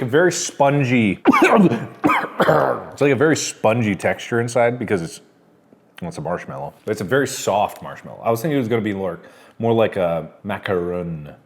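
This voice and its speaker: A man from the United States chatting casually as he tastes and reviews snacks, rambling with lots of fillers. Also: on the low side. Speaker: food taste-tester.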